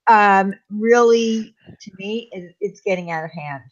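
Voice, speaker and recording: A woman's voice: mid-range voice, unhurried. Woman guest, hesitant with lots of fillers, dull lo-fi audio. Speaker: panel guest. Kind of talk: casual group chat.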